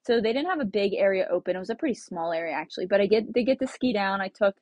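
A young woman chats through her travel story, laughing often and acting out her own remarks. Her voice sits at a middle pitch and is recorded dry and close. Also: animated, rapid-fire, hardly any pauses, darkish tone, no echo. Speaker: travel vlogger.

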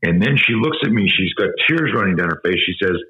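A man with a very low voice tells a harrowing story as a podcast guest, swearing freely and leaning hard on key words. The sound is dull and lo-fi. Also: animated, fast talker. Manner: emphatic, profane, vivid storyteller. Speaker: guest, self-defense instructor. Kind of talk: intense storytelling in a podcast interview.

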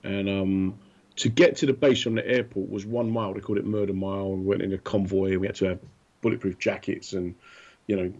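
A man telling animated anecdotes in casual chat, acting out the voices of the people in his stories. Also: low-pitched, quick pace. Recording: dull lo-fi sound.

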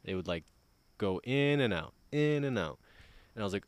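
A man's voice: on the low side, lively intonation, fast, dry recording. A man in casual podcast chat, telling a rambling, profane story.

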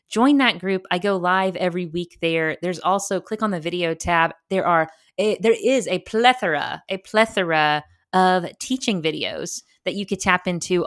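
A woman hosting a solo podcast as a book coach, talking in an animated, emphatic way with playful asides. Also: fairly low pitch. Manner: energetic, swings between soft and loud.

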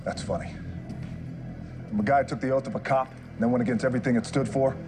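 An actor as a blunt threatening federal agent. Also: male voice, medium pitch, quick pace, over music, lightly acted. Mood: menacing. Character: tough no-nonsense male federal agent. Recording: film clip with loud score.

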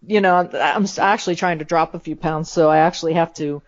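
A woman's voice: deep voice, fairly even intonation, quick pace, no room sound, muffled recording. A woman author chatting casually in a podcast interview, laughing often. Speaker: author guest.

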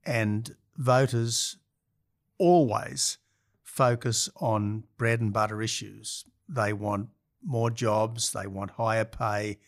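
A man in his sixties with an Australian accent, answering as a guest on a podcast interview, measured and listing points one by one. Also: on the low side, little pitch movement. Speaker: interview guest, former head of government.

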